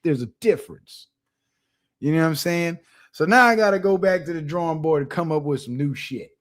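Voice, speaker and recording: A young adult man hosting his channel, telling a funny story in a casual monologue, animated and profane, with laughs. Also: on the high side, a little fast. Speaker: channel host.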